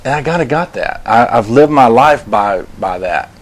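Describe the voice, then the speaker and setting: A man hosting a story show, telling a personal tale in a loose, conversational way, his voice climbing when excited and sinking low and quiet when reflective. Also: moderate pace. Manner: loose, conversational, restarts and "I was like" asides. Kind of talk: casual spoken storytelling.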